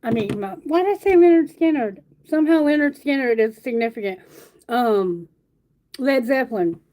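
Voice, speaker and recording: Woman doing a tarot livestream, warm mellow tone, a bit high, chatty and sweet. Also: animated, normal speed, slight background noise, rough recording. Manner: chatty, affectionate, sings song lyrics herself. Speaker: tarot reader. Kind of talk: casual livestream tarot reading.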